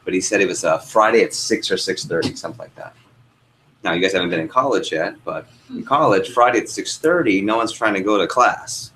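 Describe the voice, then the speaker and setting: A young male trainer speaks to a live room of trainees in a slightly low voice. He tells stories and keeps asking the group questions. A faint hum of room noise sits under him. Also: fairly quick, poor audio. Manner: lively storyteller, asks the room questions. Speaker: sales trainer. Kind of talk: workshop teaching with a story.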